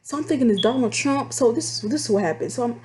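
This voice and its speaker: A woman casually telling stories about her phone job to her viewers, chatty and animated. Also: on the high side, fast. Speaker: vlogger telling call-center stories. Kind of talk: casual storytelling to camera.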